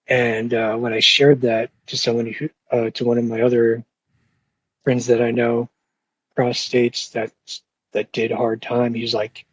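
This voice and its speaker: Husky young man, flat monotone delivery, casual swearing storyteller, dull lo-fi sound. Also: mid-range voice, moderate pace, no room sound. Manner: rambling, profane, with fillers and restarts. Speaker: podcast host.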